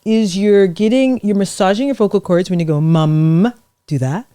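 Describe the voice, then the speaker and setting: A middle-aged woman, a vocal coach, leading warm-up exercises in a lively, encouraging, demonstrative way on a podcast. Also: medium pitch, fairly quick, no echo, studio quality. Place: podcast studio.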